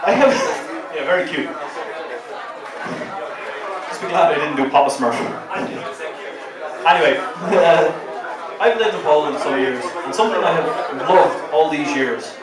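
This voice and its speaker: Profane Dublin comic, lively high voice. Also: male voice, unhurried, long pauses. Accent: Dublin Irish. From Ireland. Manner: profane, animated storytelling. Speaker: stand-up comedian. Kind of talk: stand-up comedy set. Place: crowded bar at an open mic. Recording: echoey bar, far from the mic, crowd noise.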